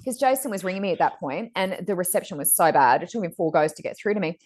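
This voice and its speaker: A middle-aged woman co-hosting a podcast, telling stories in a chatty, animated way and acting out other people's lines. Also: lowish voice, fast. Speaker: podcast co-host. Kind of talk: casual storytelling chat.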